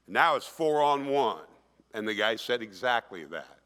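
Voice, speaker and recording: A man's voice: mid-range voice, normal speed. A man in his sixties giving an emphatic keynote speech, telling stories to an audience in a conference hall. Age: 60s. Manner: animated, emphatic storytelling, acts out quoted voices. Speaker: keynote speaker. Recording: long reverb of a large hall.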